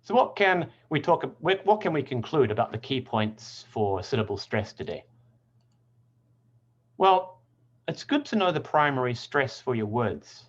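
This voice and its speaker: Lively-voiced man teaching pronunciation. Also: medium pitch, lo-fi sound. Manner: clear, deliberate word demonstrations. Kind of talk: scripted lesson narration.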